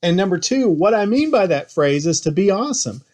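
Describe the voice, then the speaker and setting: A middle-aged man from Texas talks straight to his viewers in a casual, earnest way, sharing a business tip as a personal story. His voice sits a little high for a man. He lifts into animated bursts when he retells what he once said. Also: fairly quick. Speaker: business owner giving daily tips. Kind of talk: casual motivational tips to camera.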